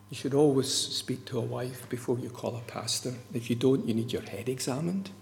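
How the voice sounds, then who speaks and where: A man's voice: medium pitch, steady tone, normal speed, gravelly, few pauses, a little mellow. A man preaching a sermon in an earnest, emphatic way, often repeating his key words. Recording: long church-hall reverb.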